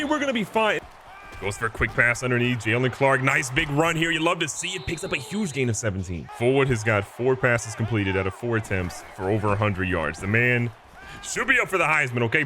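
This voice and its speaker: A young man giving excited, joking commentary over a football video game, jumping to sudden high yelps when a play goes wrong. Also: a little fast, a little hiss or hum. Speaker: gaming YouTuber.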